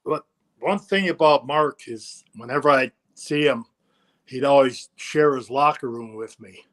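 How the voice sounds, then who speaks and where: An older man as an interview guest, telling a story in a relaxed, anecdotal way, acting out quotes and swearing now and then. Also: medium pitch, a little slow.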